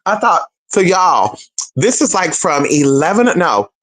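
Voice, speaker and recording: A young adult streamer telling a personal story to viewers in a casual, animated, profane way, often addressing them as "y'all" and "girl". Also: mid-range voice, unhurried.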